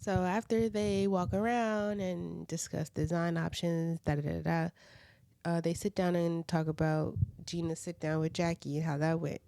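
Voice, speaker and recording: A woman's voice: on the low side, little pitch movement, moderate pace, vocal fry, dark tone, no room sound. A woman casually recapping reality TV episodes, chatty and full of side comments and "like" fillers. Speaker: reality TV reviewer.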